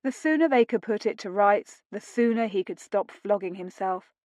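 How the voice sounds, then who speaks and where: A woman reads a historical romance audiobook in a steady, measured manner. Her voice sits at a middle pitch, and the recording is dry and close with no room sound. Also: dry recording. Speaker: audiobook narrator. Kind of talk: scripted narration.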